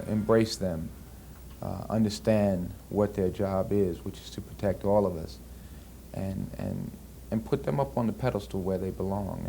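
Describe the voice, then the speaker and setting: Actor guy in his 30s, low gravelly voice, lots of uh and you know, old interview tape with light hiss. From United States. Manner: relaxed, hesitant, with many fillers and restarts. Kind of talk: casual interview answers.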